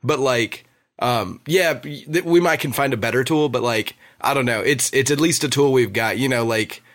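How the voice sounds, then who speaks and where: A man hosting a podcast in a loose, chatty way. He speaks at an ordinary middle pitch and leans on "like" and "you know" as he thinks aloud. The tone is casual and unscripted. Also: moderate pace. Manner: relaxed, chatty, lots of "like". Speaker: podcast host.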